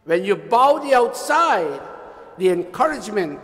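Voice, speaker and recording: A man leading a temple workshop, lecturing in an animated, teasing way and having the audience repeat lines after him. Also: high-pitched, a little slow, long reverb tail. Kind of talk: interactive sermon-style lecture. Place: temple hall.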